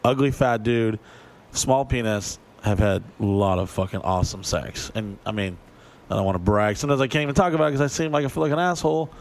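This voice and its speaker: A man's voice: fairly low pitch, quick pace, slight background noise. A man in casual chat telling crude, profane anecdotes and acting out the other people in them. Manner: profane storyteller who acts out voices. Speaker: touring performer.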